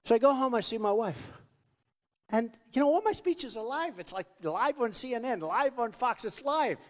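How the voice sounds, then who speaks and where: A man's voice: very high-pitched, lively intonation, moderate pace. Man rambling at a rally, big echo. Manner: rambling, repetitive, boastful. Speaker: political candidate. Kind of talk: off-the-cuff campaign rally speech. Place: large rally venue. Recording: long reverb of a big hall.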